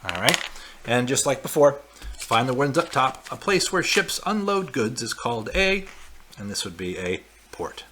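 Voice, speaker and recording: A man's voice: medium pitch, sing-song, moderate pace, sharp tone, slight background noise. A man teaching a class remotely, walking students through a weekly packet in a casual, explaining way with frequent fillers and check-ins. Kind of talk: recorded lesson walkthrough.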